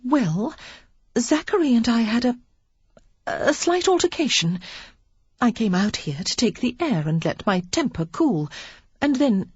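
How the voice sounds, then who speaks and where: A woman's voice: fairly high pitch, sing-song, a little slow, long pauses, breathy edge, no echo, muffled recording, pitched above the performer's own voice, heavily acted. A woman voicing a spirited, reckless young English lady who retorts sharply and indignantly. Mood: flustered.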